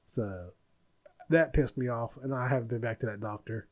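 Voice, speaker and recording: A man in his forties hosts a podcast, venting bluntly in a casual monologue. His voice is mid-range with a darkish tone, at a moderate pace.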